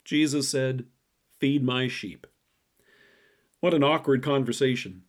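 A man delivering a scripted devotional message and reading scripture in a measured, deliberate way. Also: medium pitch. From city-raised. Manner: measured, reads scripture quotes slowly. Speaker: devotion speaker.

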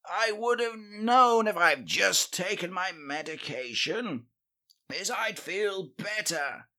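A man's voice: high-pitched, animated, slow pace, bright, forceful tone, full character voice. A man playing a forgetful, needy old husband who keeps calling for his wife in a comedy podcast sketch. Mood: whiny.

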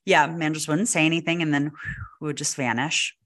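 With a deep voice at normal speed, a female podcast co-host recounts a ghost story casually. Her animated delivery is full of "like" and acted-out quotes.

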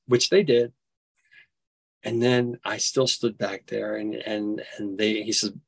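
A man telling a personal story as an interview guest, acting out quoted dialogue with big jumps in pitch and often restarting his sentences. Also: steady tone, vocal fry, breathy edge, no room sound. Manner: halting, with frequent restarts.

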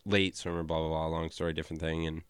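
A man chatting on a podcast and telling a story in a hesitant, halting way. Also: extremely low pitch, flat delivery, clean tone, no echo, studio quality. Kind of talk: casual chat.

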